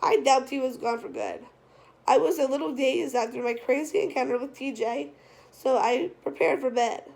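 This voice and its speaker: Woman narrator, first-person storybook reading; gravelly, a touch high. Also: normal speed, darkish tone, low-quality recording. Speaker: audiobook narrator.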